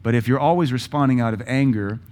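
A man's voice: medium pitch, fast, a little mellow. Middle-aged male pastor, emphatic sermon delivery in punchy bursts. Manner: emphatic, punchy lists of words.

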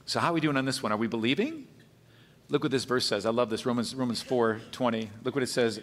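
A man pastor preaching a sermon, animated, swinging between emphatic high peaks and quiet, low asides. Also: brisk. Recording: long hall reverb.

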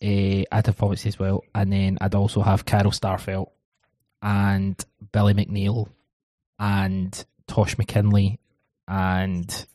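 A man hosting a casual football podcast panel, chatty and quick to laugh as he steers the segments. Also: low voice, completely flat delivery, mellow, no room sound. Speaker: podcast host.

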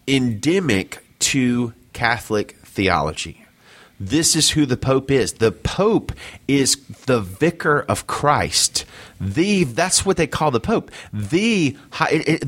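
A man co-hosting a casual discussion podcast, speaking earnestly with frequent restarts and pauses. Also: mid-range voice, fairly bright tone. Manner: earnest, halting, many restarts, reads quotes aloud. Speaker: podcast co-host.

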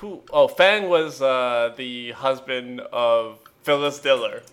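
A man's voice: mid-range voice, takes it slowly, a bit bright. Rambling jokey man on a podcast. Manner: rambling, jokey, trails off with fillers. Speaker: podcast co-host. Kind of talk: casual chat. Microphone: remote call mic.

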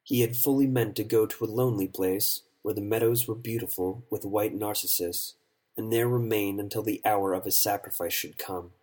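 A man narrating an audiobook story in a measured, solemn way. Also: fairly low pitch, steady tone, a little mellow, breathy edge.

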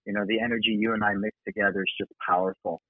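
A man's voice: fairly low pitch, flat delivery, racing, no echo. A man appearing as an author guest on a podcast, talking in an earnest, encouraging way. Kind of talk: casual podcast chat. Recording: tinny phone-like remote line.

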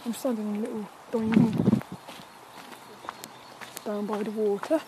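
Quiet, rambling English vlogger outdoors. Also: mid-range voice, little pitch movement, unhurried, very noisy. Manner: rambling, quiet, chatty with restarts. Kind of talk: casual walk-and-talk vlog. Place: outdoors in woods by a river. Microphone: camera carried while walking.

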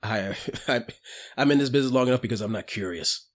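A man voicing a wary older male bartender who keeps out of trouble, talking low and guarded. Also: quick pace, close to an everyday voice.

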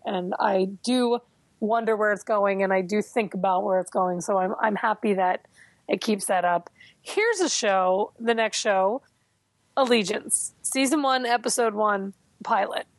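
A woman co-hosting a TV podcast, chatting casually with animated, opinionated remarks. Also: moderate pace, no room sound. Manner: animated, opinionated, jumps in pitch. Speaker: podcast co-host. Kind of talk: casual chat.

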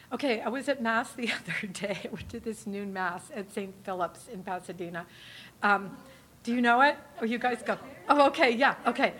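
A woman's voice: a little high, a bit bright. A woman telling her story casually to a live audience, rambling and laughing often, with lots of fillers. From New Hampshire. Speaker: speaker giving a testimony talk.

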